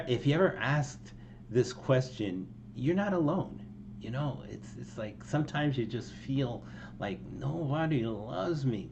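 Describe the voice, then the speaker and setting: A man's voice: medium pitch, a little mellow, dull audio, a little hiss or hum. A man talking casually through the lines of his own song, with lots of ums and restarts and a self-mocking tone. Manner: rambling and self-deprecating, with many ums and restarts, laughing now and then. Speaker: songwriter explaining his song. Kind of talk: casual line-by-line song breakdown.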